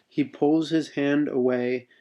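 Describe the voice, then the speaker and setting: A man's voice: on the high side, steady tone, slow, dark tone, slight background noise. A man reading his own second-person adventure text aloud, unpolished, with spoken asides.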